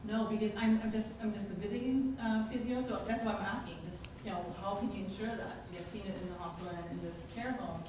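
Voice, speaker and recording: A woman's voice: mid-range voice, fairly even intonation, fast talker, hardly any pauses. Distant woman asking from the audience. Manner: hesitant, searching for words. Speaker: physiotherapist asking a question from the audience. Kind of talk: audience question at a lecture. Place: lecture room, in the audience. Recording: distant voice in a very echoey room, noisy.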